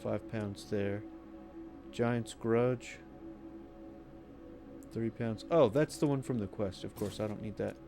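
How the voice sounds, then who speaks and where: Low-voiced man rambling over gameplay. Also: slow pace, creaky, long pauses, music in the background. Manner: rambling, talking to himself. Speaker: gaming streamer. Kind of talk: casual gameplay commentary.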